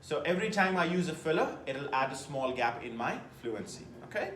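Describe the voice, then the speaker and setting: A man teaching a test-prep class, lecturing with lively emphasis and putting questions to his students. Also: fairly high pitch, fairly quick, echoey room, slight background noise.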